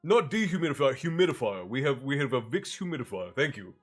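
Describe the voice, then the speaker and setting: A man's mid-range voice, sing-song, fast, and edged with breathiness, comes from a congested, breathless livestream story host. He rambles with his chat, greets viewers by name, and stops mid-phrase, then reads a fantasy novel aloud over soft music.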